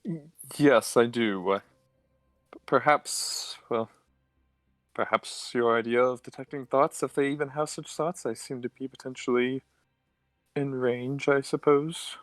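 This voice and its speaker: A man's voice: mid-range voice, fairly even intonation, measured pace, no room sound, soft background music, natural voice. A man playing a stammering, hesitant adventurer. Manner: stammering, hesitant and overly formal.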